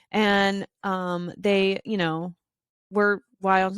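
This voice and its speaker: Woman, podcast host, casual storytelling, animated, quick voice shifts, dry close sound. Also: mid-range voice, smooth, no room sound. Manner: chatty with frequent fillers and laughs.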